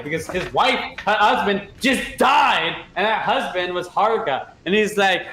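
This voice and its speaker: A high-voiced man tumbles through a casual recap of a tabletop game, jumping between lines and bursting into shouted bits of the characters. His voice rings in a roomy space with a faint hiss underneath. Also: normal speed, hardly any pauses. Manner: excitable, acts out characters with shouts. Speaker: player giving the recap.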